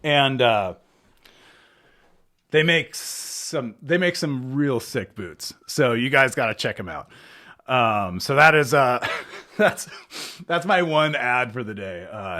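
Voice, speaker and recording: A man's voice: medium pitch, fairly bright tone. A young man hosting his podcast while hungover, chatting loosely and joking at his own expense with lots of fillers. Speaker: podcast host. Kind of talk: casual rambling chat to camera.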